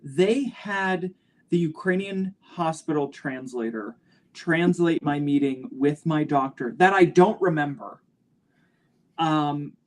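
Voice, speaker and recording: A man speaking on a panel discussion, with clear, crisp and careful delivery. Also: fairly high pitch, takes it slowly.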